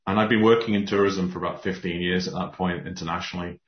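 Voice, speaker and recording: A man with a very deep voice spins a story in casual conversation, restarting his sentences as he warms up. The sound is roomy and a little dull, like a remote call. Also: fast. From Scotland. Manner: animated storyteller, many restarts. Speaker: podcast guest.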